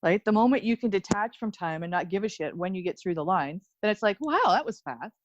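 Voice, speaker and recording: A woman's voice: medium pitch, animated, a little fast, no room sound, muffled recording. A woman from Ontario, Canada, a guest on a casual podcast, talking bluntly with plenty of swearing and frequent laughter. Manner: blunt, profane, laughs often. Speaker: guest, intuitive medium and Reiki teacher.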